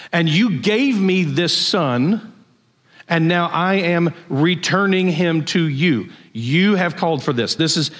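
A man's voice: on the high side, a bit bright. A man preaching a conversational sermon, telling stories and asking the congregation questions. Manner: storytelling, conversational, asks the audience questions. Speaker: pastor.

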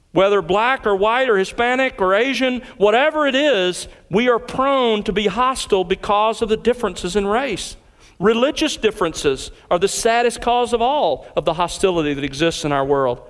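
A man preaching an expository sermon as pastor, earnest and deliberate in his phrasing. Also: sits high, fairly bright tone, long reverb tail.

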